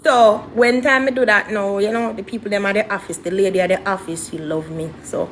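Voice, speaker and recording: A young woman, a guest telling her story in an interview in an animated, dramatic way. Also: mid-range voice, brisk, hardly any pauses, background noise. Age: young adult.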